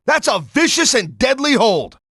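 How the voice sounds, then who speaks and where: Gruff wisecracking wrestling color man. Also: very high-pitched, very animated, moderate pace, pushed and bright, no echo, studio quality. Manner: gruff tough-guy slang, blunt and wisecracking. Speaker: color commentator. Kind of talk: pro wrestling video game commentary.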